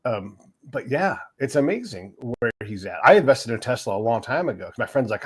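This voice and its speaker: A man's voice: mid-range voice, sing-song, brisk, slightly rough. A man hosting a podcast, talking bluntly and casually with frequent swearing. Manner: blunt, profane, laughs easily. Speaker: host.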